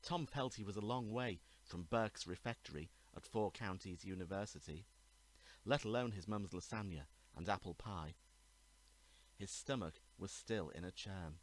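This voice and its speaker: A man, the author, reading his own murder mystery aloud in a measured, even narration. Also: deep voice, poor audio. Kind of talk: storybook reading.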